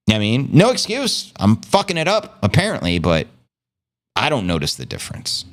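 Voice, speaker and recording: A male livestream host with a mid-range voice whose pitch swings up and down freely. He talks in a brash, playful, profane way, tossing out homemade slang in casual chat with his viewers. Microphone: streaming setup.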